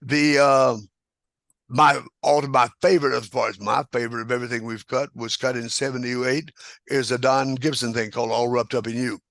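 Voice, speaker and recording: A man's voice: medium pitch, steady tone, normal speed, a bit bright, no echo. An older man, a guest telling rambling anecdotes with chuckles and restarts. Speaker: guest square dance caller. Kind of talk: casual storytelling interview.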